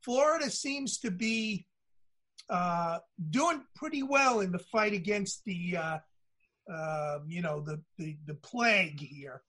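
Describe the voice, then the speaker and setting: A man's voice: sits high, expressive, slow pace, sharp tone. A middle-aged man hosting a casual wrestling radio chat, rambling with many fillers and restarts. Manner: rambling, hesitant, full of fillers. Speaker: radio show host.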